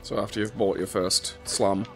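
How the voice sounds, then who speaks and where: A man co-hosting a let's play, chatting casually and joking around with quick wisecracks. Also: on the low side, fairly even intonation, faint music behind. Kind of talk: casual gameplay banter.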